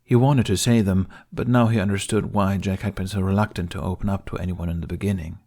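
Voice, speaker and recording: Low-voiced man narrating a story. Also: quick pace. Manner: steady, emotional storytelling. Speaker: fan fiction narrator. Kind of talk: audiobook narration.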